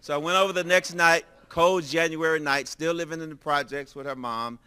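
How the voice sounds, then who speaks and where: An older man preaching, telling a personal story in a lively way and acting out the dialogue. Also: on the high side, a little fast, smooth. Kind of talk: storytelling sermon.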